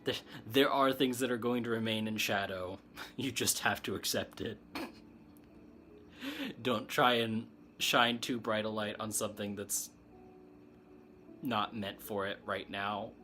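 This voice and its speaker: Bright-voiced, rambling male tarot streamer. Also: fairly low pitch, steady tone, unhurried, long pauses, a little hiss or hum. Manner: rambling, laughs often, answers chat comments. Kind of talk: casual spiritual chat, reading tarot cards.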